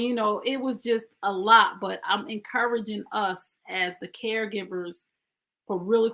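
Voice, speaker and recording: A woman's voice: mid-range voice, fairly bright tone. Woman, podcast host, emphatic, conversational, personal storytelling. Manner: emphatic, conversational, speaking straight to listeners.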